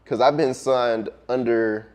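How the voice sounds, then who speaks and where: A relaxed man talks as a guest on an interview show. His voice sits in a middle register, and he speaks reflectively, pausing often with ums and letting his thoughts trail off. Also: medium pitch. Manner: laid-back, reflective, many ums and trailing pauses. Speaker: music producer guest. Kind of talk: casual interview conversation.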